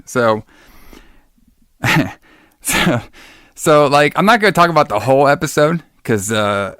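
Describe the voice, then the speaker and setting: On a casual podcast, a co-host rambles enthusiastically about old wrestling shows, sprinkling in lots of fillers. His fairly high voice is animated, pushed and bright, clear and resonant at a measured pace, captured in a dry, studio-quality recording.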